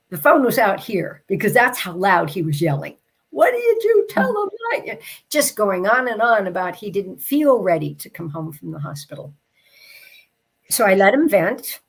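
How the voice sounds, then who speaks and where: Speaking as an interview guest, a woman with a somewhat low, gravelly, husky voice tells a personal story. She's heartfelt and reflective, and her pace slows when the story turns tender and emotional.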